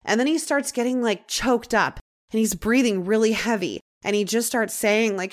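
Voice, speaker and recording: A young adult woman hosting a podcast, telling a true-crime story in a casual, chatty way. She uses many "like" fillers and drops into dramatic pauses. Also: on the high side. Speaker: podcast host.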